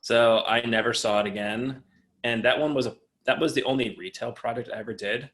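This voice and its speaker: A man who works as a designer, telling a work story over a video call in an animated way, swearing freely. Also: lowish voice. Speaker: designer guest. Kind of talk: casual storytelling.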